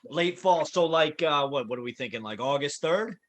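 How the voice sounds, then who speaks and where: A man's voice: a little high, expressive, normal speed. A man hosting a casual podcast, chatty and wry with lots of fillers. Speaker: podcast host.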